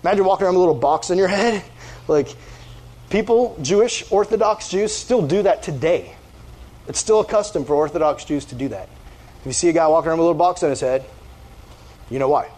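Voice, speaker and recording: A man giving a casual, energetic youth sermon, joking with his listeners. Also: fairly high pitch, a little fast, pauses often. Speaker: youth pastor.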